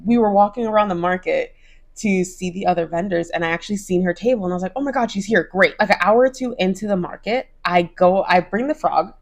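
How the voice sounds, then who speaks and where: A woman's voice: fairly low pitch, brisk, gravelly. A young woman chatting casually to camera in a crochet vlog, gushing, with lots of "like" and "oh my gosh". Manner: bright put-on voices when quoting others. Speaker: crochet vlogger.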